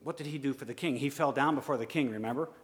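A man preaching a sermon, swinging from loud urging to hushed asides. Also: mid-range voice, quick pace, breathy edge. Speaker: pastor. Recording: long hall reverb.

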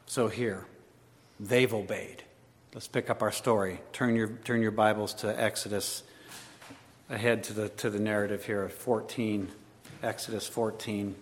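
Man, pastor, sermon, animated, loud-to-hushed swings, long hall reverb. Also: on the low side, normal speed.

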